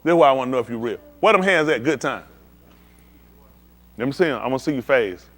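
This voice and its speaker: A man's voice: mid-range voice, expressive, fast, fairly bright tone. A man hosting a playful trivia game with a room of people, teasing and calling on them by name. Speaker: host leading a group trivia game. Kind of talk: lively group banter.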